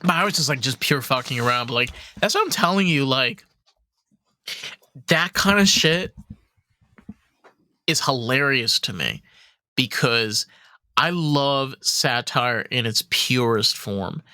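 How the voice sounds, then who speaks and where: A young man hosting a podcast, telling animated, profanity-laced stories in casual chat full of fillers. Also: mid-range voice, unhurried, long pauses, no echo. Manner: animated storyteller, swears freely, many fillers. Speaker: podcast host.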